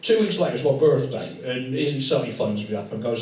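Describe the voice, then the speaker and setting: A man's voice: medium pitch, animated, fast, darkish tone. A male comedian telling a long, rambling, sweary anecdote to a live audience in a tattoo studio, sometimes dropping into impressions of other people. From England. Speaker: stand-up comedian. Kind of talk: stand-up storytelling. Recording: echoey room from far off with crowd laughter. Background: audience laughing.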